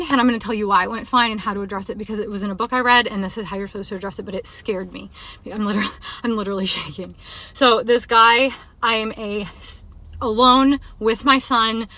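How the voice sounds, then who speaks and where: A woman's voice: fairly high pitch, sharp tone. A woman telling a story in an agitated selfie-video rant, speaking emphatically and repeating herself. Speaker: social media video poster.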